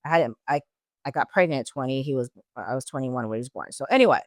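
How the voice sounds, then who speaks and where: A woman in her forties with an extremely low-pitched, animated, fast voice chats casually as a guest sharing her life story. She talks straight to listeners and wanders off on tangents, recorded with clean studio sound and no echo.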